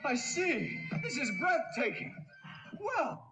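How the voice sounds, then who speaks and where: A man voicing a puzzled, excitable male cartoon sidekick in vintage cartoon dialogue, easily riled. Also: very high-pitched, slow, vocal fry, over loud music, full character voice. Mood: bewildered.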